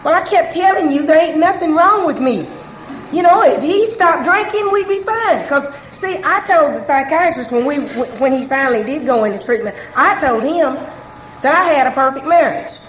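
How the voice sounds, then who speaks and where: Woman, high voice, plainspoken group testimony, roomy echo with faint hiss. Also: animated, moderate pace. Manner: conversational, frank, repeats herself often. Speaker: speaker sharing her story at a recovery meeting.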